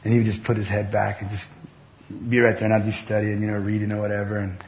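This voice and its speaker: A middle-aged man preaching a sermon as pastor, talking conversationally with bursts of excited emphasis. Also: lowish voice, quick pace. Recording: dull lo-fi sound with faint background noise.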